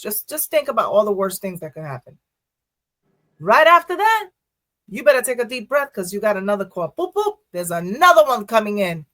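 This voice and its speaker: Animated woman telling first-responder stories. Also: mid-range voice, no room sound. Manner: animated storyteller, quick asides, frequent laughs. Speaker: first responder and poet guest. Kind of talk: casual podcast interview talk.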